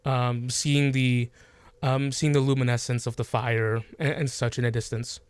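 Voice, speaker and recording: A man narrates a tabletop fantasy session as game master at a middle pitch. He talks haltingly, with frequent ums and restarts. The recording is dry and close. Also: level tone, clear, resonant tone, no echo. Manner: halting, many fillers and restarts.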